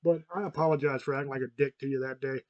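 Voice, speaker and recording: A man's voice: mid-range voice, fairly even intonation, very fast, no room sound, dull audio. A man in his fifties hosting a podcast, talking in a frank, rambling and profane way, often restarting his sentences. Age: 50s. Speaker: podcast host. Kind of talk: casual chat.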